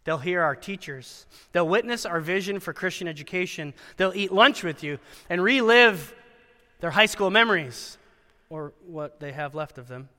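Animated man preaching in a reverberant hall. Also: high voice, moderate pace. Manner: animated storyteller with wry asides and dramatic quoted voices. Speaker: chapel speaker at a Christian school. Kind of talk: sermon.

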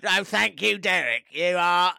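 A man putting on the voice of a grateful alien who owns a lost drum, speaking slowly and grandly. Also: sits high, creaky, bright, forceful tone, clean tone, dry recording, clean studio sound, exaggerated voice. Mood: gushing. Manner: slow, drawn-out, gushing.

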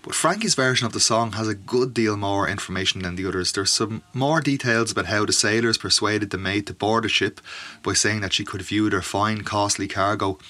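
A man hosting a podcast, chatting quickly and digressively about old folk ballads. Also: on the low side, bright, forceful tone, no room sound. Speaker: podcast host. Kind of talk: spoken commentary on folk ballads.

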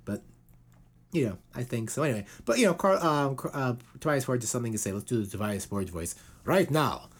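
A husky-voiced man hosts a loose, casual podcast. His pitch swings widely as he rambles, full of fillers and little put-on voices. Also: animated, fast talker. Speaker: podcast host.

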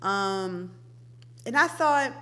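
A young woman co-hosting a relaxed chat show, her voice bright and clear at a middle pitch. She talks in loose slang and laughs often as she riffs. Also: extremely slow. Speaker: podcast co-host. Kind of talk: casual chat.

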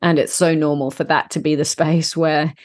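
A woman's voice: deep voice, flat delivery, normal speed, darkish tone. A woman co-hosting a casual podcast conversation, talking in an earnest, compassionate, reflective way. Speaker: podcast co-host.

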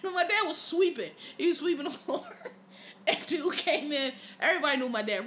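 A woman hosting a podcast in a loose, profane monologue, her voice high and bright. She tells her stories with animation and laughs often, over a faint hiss in the background. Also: lively intonation, measured pace, pauses often. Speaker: podcast host.

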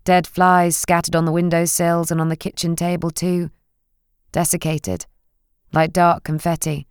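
A woman narrating a novel in a measured, gentle reading. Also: on the low side, level tone, smooth, no room sound, clean studio sound. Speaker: audiobook narrator. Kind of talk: scripted narration.

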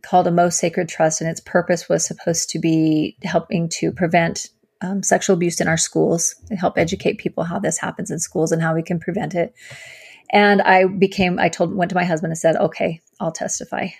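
A woman sharing her personal story as an interview guest, earnest and halting, with many fillers and restarts. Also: fairly low pitch, little pitch movement, creaky, darkish tone, breathy edge. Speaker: guest, survivor advocate.

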